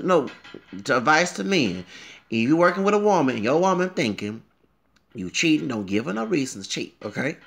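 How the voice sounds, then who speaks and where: Man, casual rant, opinionated and rambling, somewhat high, gravelly voice. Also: big pitch swings, fairly quick, a bit bright. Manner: opinionated, rambling, repeats "okay?" and "you know what I'm saying?". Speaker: commentator.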